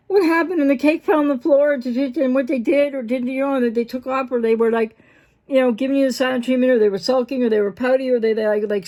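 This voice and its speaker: A woman with a high, bright-pitched voice talks unscripted as a mental health professional hosting her own channel. She rambles with fillers and restarts, and she acts out both sides of an argument with sudden leaps in pitch. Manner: animated, acts out quoted dialogue with big pitch jumps; rambling, with fillers and self-interruptions. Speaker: host of a breakup recovery channel. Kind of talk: unscripted talking-head explainer.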